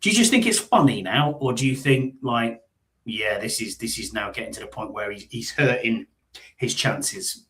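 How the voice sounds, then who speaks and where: A man's voice: mid-range voice, animated, normal speed, fairly bright tone. A middle-aged man hosting a live sports talk show, chatting casually and rambling with frequent fillers. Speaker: podcast host.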